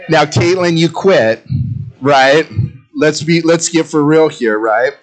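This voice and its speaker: A male pastor preaching a sermon in a conversational, self-mocking way, telling animated stories. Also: on the high side, slow pace.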